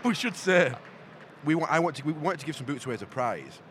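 A man co-hosting a podcast, talking in playful, lively banter and laughing easily. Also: fairly high pitch, fast talker. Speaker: podcast co-host. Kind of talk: casual banter. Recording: noisy background.

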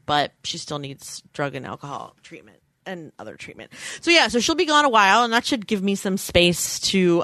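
A woman's voice: lowish voice, a bit bright, no echo. A woman in her thirties hosting a podcast, talking candidly and chattily, self-deprecating and acting out quoted lines. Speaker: podcast host. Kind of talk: casual chat.

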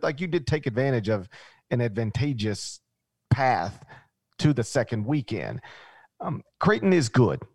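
A man's voice: medium pitch, dry recording. A man co-hosting a podcast, giving blunt, emphatic takes on college basketball games. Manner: blunt, emphatic, repeats words for stress. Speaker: podcast co-host. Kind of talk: casual sports betting chat.

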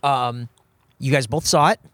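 A man's voice: mid-range voice, a little slow, fairly bright tone, no room sound. A man hosting a casual podcast chat in a coffee shop, telling stories in an easygoing, wry way. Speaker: podcast host.

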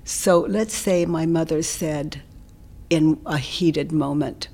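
Breathy, lower-voiced woman guest; gentle, reflective, frequent near-whispers. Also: slow. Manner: gentle, often dropping into a soft whisper. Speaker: interview guest, self-inquiry teacher. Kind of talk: reflective conversational explanation.

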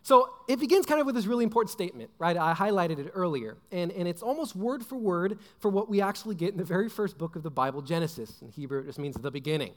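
Young guy pastor rambling thru a jokey sermon, high voice, lots of ums, big hall echo. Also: lively intonation, fast talker, few pauses. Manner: rambling, joking, full of fillers and asides. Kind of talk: casual sermon. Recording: long hall reverb.

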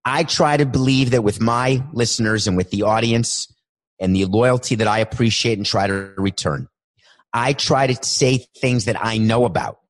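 A man's voice: mid-range voice, normal speed. A man hosting his own podcast, talking solo in a worked-up, emphatic way and stretching words for emphasis. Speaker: podcast host. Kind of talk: energetic solo podcast monologue.

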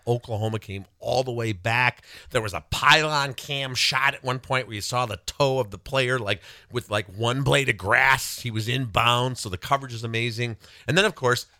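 A man's voice: mid-range voice, pushed and bright, dry recording, clean studio sound. A man co-hosting a talk show, chatting casually about sports, jumping up into quoted voices. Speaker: co-host.

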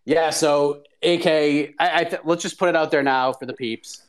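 A man hosting a casual morning chat show, upbeat and energetic, talking to listeners. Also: on the high side, moderate pace, clear, resonant tone. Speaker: host.

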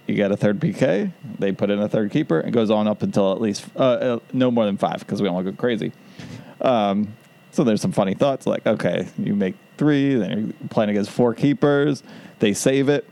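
A man's voice: on the low side, normal speed, creaky, warm tone. A man co-hosting a casual podcast, rambling through his ideas and laughing at them. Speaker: podcast co-host.

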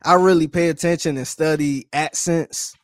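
A podcast co-host tells casual stories full of slang, laughing often in a chatty, storytelling way. His voice is a little high with fairly even intonation at a normal speed, recorded in a clean studio with no room sound.

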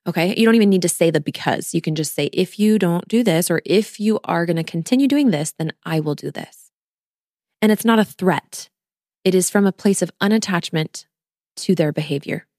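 A woman's voice: on the low side, brisk, darkish tone, no room sound, studio quality. A woman in her thirties hosting a podcast, talking earnestly and directly to her listeners as a postpartum coach. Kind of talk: casual solo podcast talk.

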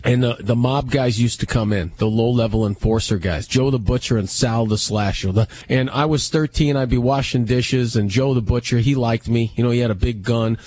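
A man co-hosting a radio talk show, telling stories in an emphatic, animated way. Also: medium pitch, normal speed, few pauses, no room sound, poor audio. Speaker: radio co-host. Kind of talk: casual chat, storytelling.

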